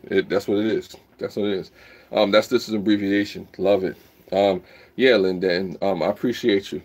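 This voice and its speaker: A man hosting a casual live stream, rambling while he reads the chat aloud and bursts into loud whoops. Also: on the low side, fairly even intonation, brisk.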